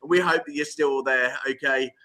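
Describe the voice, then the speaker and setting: A man's voice: mid-range voice, steady tone, moderate pace, bright, forceful tone. A man co-hosting a live music show, chatting playfully and bantering with his co-host.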